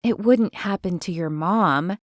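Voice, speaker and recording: A woman's voice: lowish voice, unhurried, no room sound, clean studio sound, close to an everyday voice. A woman narrator voicing a sweet, easily flustered young woman in an audiobook. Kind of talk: audiobook character voice.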